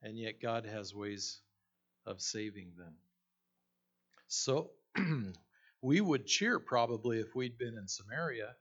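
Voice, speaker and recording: A male pastor gives a slow, unhurried sermon, retelling stories with frequent fillers and restarts. His pitch sits in the middle range for a man. The recording sounds dull and low-fi. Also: animated.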